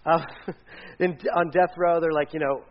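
On a dull lo-fi recording with a little hiss or hum, a pastor with a fairly high voice and fairly even intonation talks at a measured pace. His sermon is casual and conversational, rambling with restarts and side stories.

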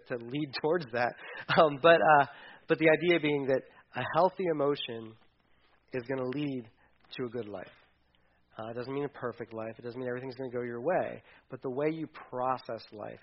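Emotive preacher with sudden loud bursts. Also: male voice, fairly high pitch, muffled recording. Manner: conversational, swings from quiet asides to loud emphatic bursts. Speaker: pastor. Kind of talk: sermon.

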